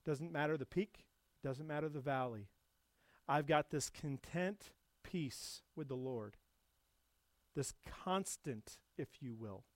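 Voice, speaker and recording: A male pastor preaching a sermon, rising to loud emphatic passages and dropping back to soft, low reflection. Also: takes it slowly, dry recording.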